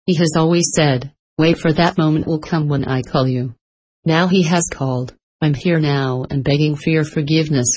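A woman reading the lines of a gentle, remorseful old man begging forgiveness, in a storybook telling. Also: low-pitched, moderate pace, low-quality recording. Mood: pleading.

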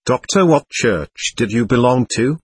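A man reading the part of a patient doctor who questions and lectures a spirit in a séance record, with a husky voice. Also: medium pitch, animated, unhurried, dry recording. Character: calm, firm male doctor questioning a spirit. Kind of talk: reading a séance transcript aloud.

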